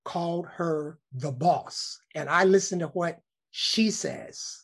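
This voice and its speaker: A man, a news cameraman telling a lively story in a casual interview. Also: fairly high pitch, slow pace, vocal fry, breathy edge. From Alabama, United States. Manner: animated storyteller, acts out quoted voices.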